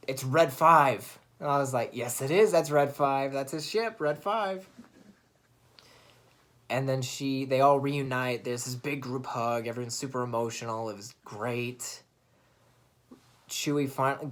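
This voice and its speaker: A young man speaks casually into his camera, an earnest fan retelling a film. His voice sits at a middle pitch, and he restarts his sentences and laughs now and then as he talks. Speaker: vlogger. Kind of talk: casual vlog monologue.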